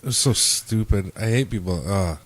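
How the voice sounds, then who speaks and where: A man's voice: fairly low pitch, normal speed. Man telling profane stories on a podcast. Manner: profane, animated storytelling with acted quotes. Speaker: podcast host. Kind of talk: casual podcast chat.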